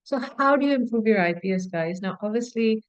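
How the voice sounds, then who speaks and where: A woman's voice: fairly high pitch, animated, fairly quick, clear, resonant tone, no echo, muffled recording. A woman teaching as a medical exam tutor in a conversational way, repeating words for emphasis and often saying "you know". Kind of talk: informal teaching talk.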